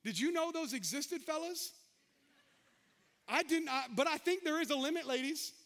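A man preaching with a very high, bright voice that rings out when he calls to the congregation. He shifts between shouted exhortations and folksy, joking asides. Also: normal speed. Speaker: pastor. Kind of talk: sermon.

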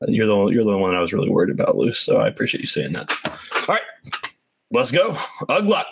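A man's voice: fairly low pitch, huge pitch swings, a little fast, gravelly, breathy edge, rough recording. A man acting as game master, recapping the last session in a casual, hesitant way with many fillers. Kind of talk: narrating a tabletop game recap.

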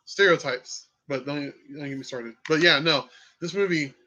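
A man chatting casually about movies, emphatic and excitable, with a habit of swearing. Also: fairly high pitch, moderate pace, dull audio.

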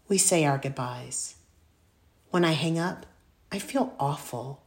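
Low-voiced woman narrating a story. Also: slow pace, pauses often. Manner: expressive, storytelling. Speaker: audiobook narrator. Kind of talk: scripted first-person narration.

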